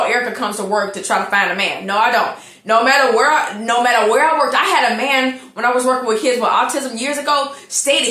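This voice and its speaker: Woman, casual storytelling, bright forceful voice, echoey room. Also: a little high. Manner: chatty, animated, addresses listeners as y'all. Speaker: host telling a personal story.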